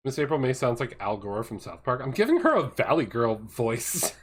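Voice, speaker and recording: A man's voice: mid-range voice, very animated, normal speed, breathy edge. A man hosting a game playthrough, reading the dialogue aloud in silly, ad-libbed voices. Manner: jokey, ad-libbing, switches into silly voices. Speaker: let's play host reading game dialogue. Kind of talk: playful voice-acting of game text. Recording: game music playing under the talk.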